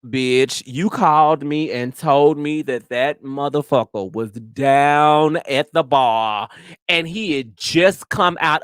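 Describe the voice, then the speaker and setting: A woman's voice: low voice, dry recording, clean studio sound. Brassy, profane woman podcast host. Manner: profane, animated storytelling with frequent "girl". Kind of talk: casual chat.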